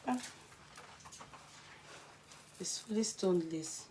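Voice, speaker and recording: A woman's voice: mid-range voice, very slow, noisy background. A woman with a Nigerian accent chatting casually to her viewers as a clothes-selling vlogger, giving emphatic, preachy encouragement and often dropping to a whisper. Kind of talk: casual live chat to viewers.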